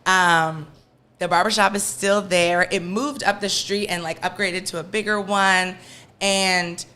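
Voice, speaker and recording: A woman guest on a podcast, telling a story from her childhood in a lively way and acting out the voices of the people in it. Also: fairly low pitch, a little slow. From Washington, D.C. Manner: lively, animated storyteller, acts out quoted voices. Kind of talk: casual storytelling interview.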